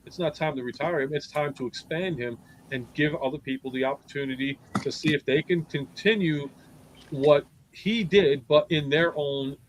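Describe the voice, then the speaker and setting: Casting: man in his forties, slightly high voice, blunt talker who swears casually, faint background hiss. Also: normal speed, rough recording. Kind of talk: casual group chat on a live stream.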